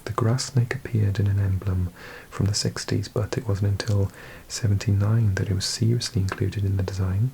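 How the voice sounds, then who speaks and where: A man with a Welsh accent, hosting an ASMR video and reading aloud in a slow, hushed mix of whisper and soft speech. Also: lowish voice, steady tone, creaky, slight background noise, rough recording. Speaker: ASMR host.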